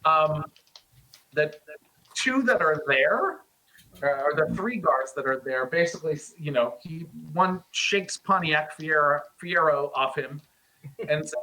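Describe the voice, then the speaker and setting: A man's voice: fairly high pitch, slow, pauses often, pushed and bright, rough recording. A man narrating a tabletop game as game master, rambling with many fillers.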